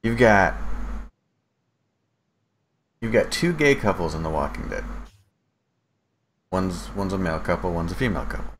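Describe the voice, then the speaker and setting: Low-pitched male co-host, rambling casual podcast talk, light background noise. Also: animated, moderate pace, long pauses. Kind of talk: casual chat.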